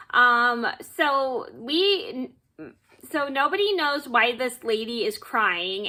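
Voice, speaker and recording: A woman's voice: on the high side, pushed and bright. A young woman telling a rambling, repetitive work story as a casual storytime vlog at home, padding it with "blah, blah.".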